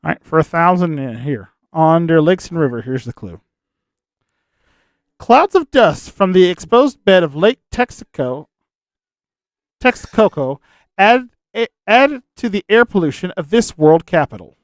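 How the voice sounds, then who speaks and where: A man's voice: on the high side, big pitch swings, unhurried, dry recording, clean studio sound. A man from Nebraska hosting a casual parody quiz over a video call, reading clues with small stumbles and joking asides. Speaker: quiz show host.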